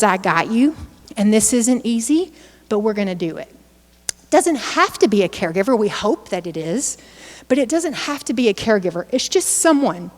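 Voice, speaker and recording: A woman's voice: on the high side, long reverb tail. A woman presenting a live workshop on a handheld microphone, chatty and informal, often asking the audience questions.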